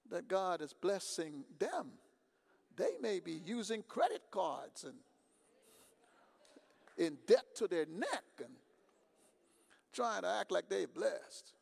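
A man preaching a sermon in a conversational way, swinging from quiet storytelling to loud emphasis. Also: sits high, sing-song, slow, vocal fry, long pauses, breathy edge. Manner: conversational, swings from quiet to shouting, acts out dialogues. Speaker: pastor.

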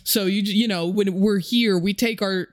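A young woman with a Chicago accent, co-hosting a casual comedy podcast with loud, brash, laughing rants. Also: mid-range voice, steady tone, moderate pace, dry recording, studio quality. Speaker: podcast co-host.

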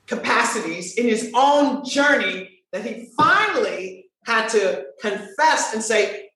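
A woman's voice: fairly high pitch, unhurried. A woman voice coach talking in a casual interview, playful and emphatic, repeating her points. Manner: animated, playful, emphatic repetition. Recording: very echoey room.

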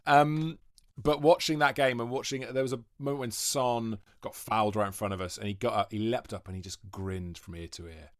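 A man in his forties from Wales, a podcast guest telling long rambling stories with quick asides in casual chat. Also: mid-range voice, fairly even intonation, no echo, studio quality. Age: 40s.

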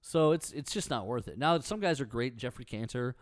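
Animated man telling stories, casual chat. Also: medium pitch, fairly quick, no room sound, studio quality. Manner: animated storyteller. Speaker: podcast co-host.

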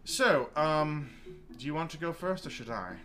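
A man voicing a strong, commanding young woman in a tabletop fantasy game, pitched up and brisk. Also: animated, fairly bright tone, slight background noise. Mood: businesslike.

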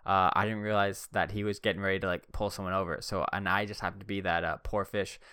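A man's voice: low voice, flat delivery, fast, pushed and bright, clear, resonant tone, no echo, studio quality. A young man hosting a podcast, telling rambling, self-deprecating stories with joking asides while seated indoors. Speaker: podcast host. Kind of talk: casual storytelling. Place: seated indoors on a swivel chair.

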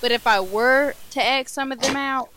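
A woman's voice: high voice, moderate pace, background noise. A young woman co-hosting a podcast, joking brashly and swearing freely in casual chat. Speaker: podcast co-host.

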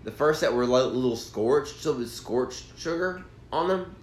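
A young man telling a profane, animated story in casual chat as a podcast co-host. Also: medium pitch, moderate pace. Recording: roomy room with faint background noise.

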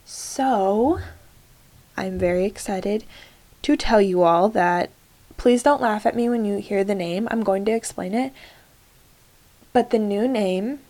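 A woman's voice: mid-range voice, slow pace, pauses often, dark tone. A young woman hosting her solo podcast in casual chat, talking to her listeners and joking at herself with many fillers. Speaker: podcast host.

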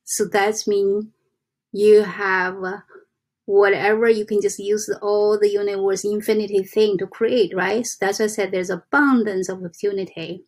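A woman giving a casual motivational talk to her viewers, soft and halting, with frequent restarts and slow deliberate reading aloud. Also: medium pitch, flat delivery. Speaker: self-help vlogger.

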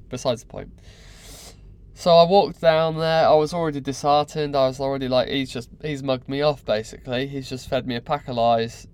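A man with a mid-range voice recounts his own story to camera, candid and animated. He leans on repetition and casual slang to drive each point home. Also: mid-range voice, clear, resonant tone. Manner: candid, animated, repeats words for effect.

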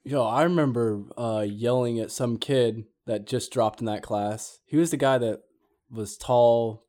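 Animated young man telling stories. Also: medium pitch, measured pace. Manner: animated storyteller, loud when acting out yelling. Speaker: podcast co-host. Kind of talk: casual chat.

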